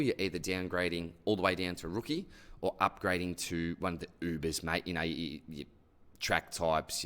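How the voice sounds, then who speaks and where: Listener questions get answered in this easygoing fantasy sports mailbag, led by an Australian man with a deep voice. His manner is friendly and chatty, as if talking to an old mate, and "mate" or "buddy" pops up in almost every sentence.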